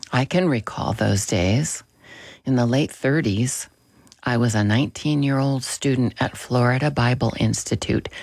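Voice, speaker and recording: A man hosting a radio program, reading a Christian book aloud in a slow, gentle, deliberate way. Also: medium pitch, creaky, breathy edge, no room sound.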